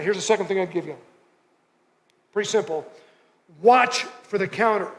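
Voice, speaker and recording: The long reverb of a church hall surrounds a pastor's high-pitched, slightly bright voice as he preaches at a moderate pace. He speaks conversationally and reinforces points with short, repeated phrases.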